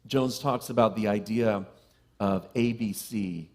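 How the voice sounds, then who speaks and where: A middle-aged man preaching from the pulpit in a mid-range voice. He slips into joking, self-deprecating asides with the congregation, then slows and drops to a near hush to land a key phrase. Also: medium pitch. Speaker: minister. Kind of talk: sermon. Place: church sanctuary with live congregation.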